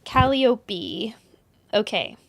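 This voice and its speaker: A woman hosting a live yarn show in casual chat, bubbly and quick to laugh at herself, rambling with lots of restarts. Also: mid-range voice, wildly swooping pitch, creaky, no echo.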